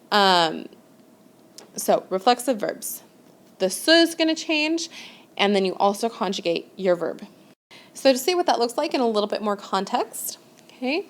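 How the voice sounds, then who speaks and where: Woman, teacher, recorded lesson, slow and patient, step-by-step explaining. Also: mid-range voice. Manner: patient, explains step by step with frequent "okay?" checks. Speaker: French teacher.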